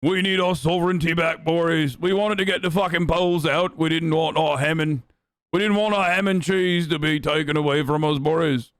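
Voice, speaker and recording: A man's voice: fairly high pitch, steady tone, moderate pace, no echo, clean studio sound, natural voice. A man putting on a mock British accent to play a rowdy, profane British man ranting about the news. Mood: indignant. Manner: profane, shouting slang.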